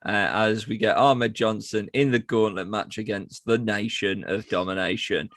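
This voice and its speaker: A man's voice: lowish voice, steady tone, normal speed, fairly bright tone, no room sound, studio quality. A man casually narrating a wrestling recap as podcast co-host, sweary and sarcastic.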